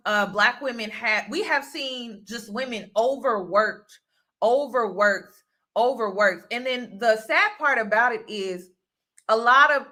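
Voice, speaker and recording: A woman's voice: on the high side, sharp tone. A woman from the United States hosting a casual vlog monologue, speaking earnestly and repeating phrases for emphasis. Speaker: host and mentor.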